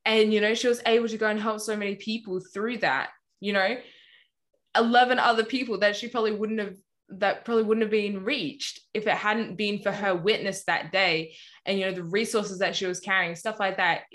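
Woman telling a long story, lots of "anyway" and "you know", middle pitch. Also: fairly even intonation, brisk, a bit bright. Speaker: Christian ministry guest or host. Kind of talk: casual conversation, retelling a story.

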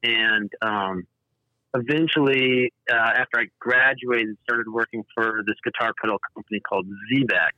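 A man's voice: on the low side, no room sound. Stuttering man on a dull, dry call. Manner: stutters, halting with repeated words. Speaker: guest, pedal designer. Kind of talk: casual interview. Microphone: remote call.

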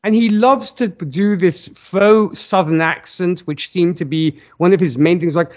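A man's voice: high-pitched, unhurried, few pauses. A man co-hosting a podcast, giving earnest film opinions in long, restarting runs. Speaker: podcast co-host. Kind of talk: casual film review chat. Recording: dull lo-fi audio.

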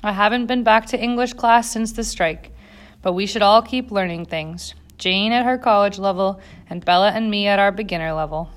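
A woman's voice: mid-range voice, moderate pace, natural voice. A woman doing a fiery young factory girl. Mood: earnest. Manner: heated, accusing. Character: fiery, indignant young female factory worker.

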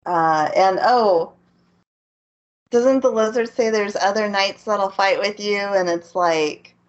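A woman recaps an anime at a slow, relaxed pace, laughing often with her co-host. Her voice comes through a dull, lo-fi mic. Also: medium pitch. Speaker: podcast co-host. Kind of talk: casual chat recapping an anime.

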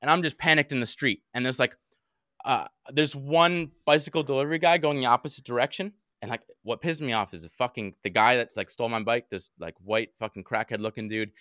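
Fast-talking, bright-voiced young man. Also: mid-range voice, no room sound, studio quality. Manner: animated, heavy swearing, acts out his own shouts. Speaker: podcast co-host. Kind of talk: casual storytelling chat.

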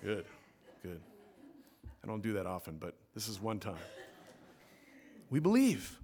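A man preaching a sermon as pastor in a church, swinging between loud emphatic peaks and soft low asides. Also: very animated, measured pace, slightly rough. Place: church sanctuary.

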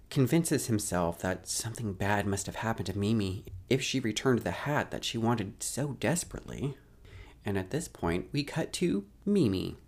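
A man with a low voice tells an episode's plot as a lively story, his pitch swinging widely. He drops dry, sardonic asides along the way. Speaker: show recapper.

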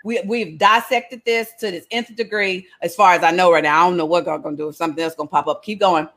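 A woman's voice: on the low side, fairly even intonation, fast talker, a bit bright. A woman leading a Bible study in a casual, joking, colloquial way.

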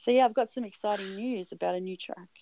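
Australian woman co-host, gravelly low voice, deadpan, dull lo-fi recording. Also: fast talker, no echo. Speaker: podcast co-host and musician. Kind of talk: casual chat. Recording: dull lo-fi sound.

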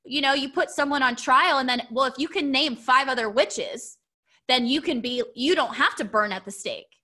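A woman with a high, sharp-toned voice speaks at a normal speed. She's sharing a heartfelt personal story in a casual podcast chat, rambling along with plenty of fillers and restarts.

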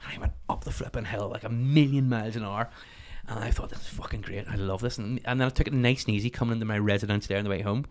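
A man in his thirties with a Northern Irish accent, chatting as a podcast guest, animated and swearing freely. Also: on the low side, slight background noise. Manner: swears freely, animated storytelling, rapid talk. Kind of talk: casual interview chat.

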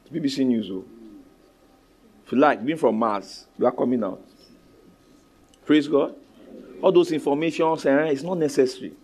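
A male pastor with a Nigerian accent preaching a sermon, commanding and animated, switching between loud exhortation, low asides and call-and-response with his congregation. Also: moderate pace, pauses often, breathy edge.

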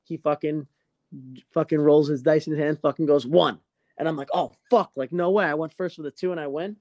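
A young adult podcast host tells a story in casual chat, animated and swearing a lot. His voice is on the high side and brisk, in a dry recording.

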